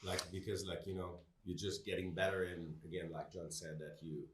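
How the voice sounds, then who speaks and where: French-accented co-host guy, lowish voice, thinks out loud, roomy echo. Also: little pitch movement, normal speed. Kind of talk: casual interview chat. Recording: echoey room.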